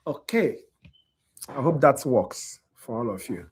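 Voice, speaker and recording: A man's voice: mid-range voice, animated, slow, slight background noise. A tired man lecturing on anatomy to a class, quizzing his students and often checking whether they understand. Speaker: anatomy instructor.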